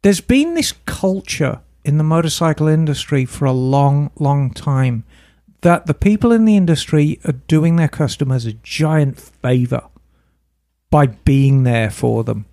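A woman's voice: low-pitched, lively intonation, measured pace, warm tone, no echo, studio quality. A woman who runs a motorcycle shop, co-hosting a podcast in frank, chatty talk and laughing easily. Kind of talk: casual podcast chat.

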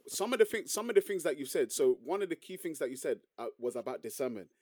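A man's voice: fairly high pitch, very animated, darkish tone, no room sound, studio quality. A man co-hosting a casual debate, explaining his view with many restarts and "bro". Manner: halting, many restarts, says "bro" and "trust me".

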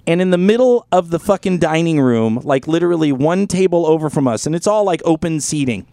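A man with a fairly high voice tells a rambling, profane story in a casual podcast chat. The sound is close and dry on a studio mic. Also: expressive, fairly quick, hardly any pauses, mellow, dry recording. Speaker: podcast host.

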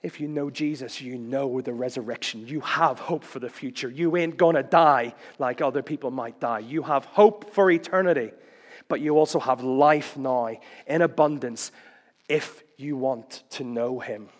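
A man preaching a sermon, swinging between loud declarations and hushed lines, with playful rhymes and punchy questions. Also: mid-range voice, moderate pace, big-room sound.

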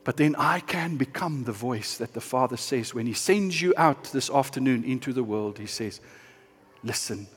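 A man preaching a sermon as pastor, earnest and shifting between hushed and impassioned delivery. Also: medium pitch, expressive, moderate pace, hardly any pauses, breathy edge, big-room sound.

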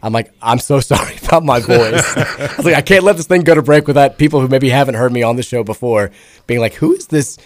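A male sports radio host with a hoarse, raspy voice that cracks, telling rambling self-deprecating stories in casual chat. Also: mid-range voice, fast talker, no echo. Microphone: studio mic.

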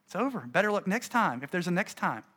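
A middle-aged man, a pastor, gives an animated, conversational talk to fellow preachers and acts out his stories. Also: high-pitched, fast.

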